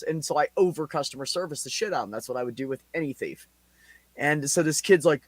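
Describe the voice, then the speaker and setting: A podcast host in his forties tells a story in casual, heavily profane chat, animated and laughing along the way. His voice is fairly high and fast, with no echo.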